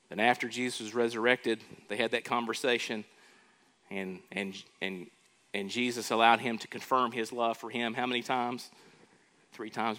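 A male pastor delivers a sermon at an unhurried, deliberate pace, his voice sitting at an ordinary middle pitch. He presses each point with rhetorical questions to the congregation and repeats words as he builds up to them. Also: pushed and bright.

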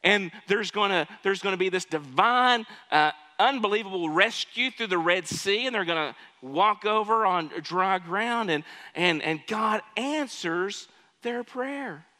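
A man preaching a sermon with a high, bright, ringing voice. He swings from loud, pleading cries to quiet asides to the congregation. His voice echoes through a hall with a long reverb. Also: expressive, measured pace.

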